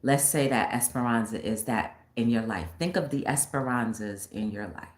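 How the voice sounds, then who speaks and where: Woman, talk show host, deep voice, animated storyteller, echoey room. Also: moderate pace. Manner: animated storyteller acting out scenes. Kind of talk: casual retelling of a film story. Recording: echoey room with faint noise.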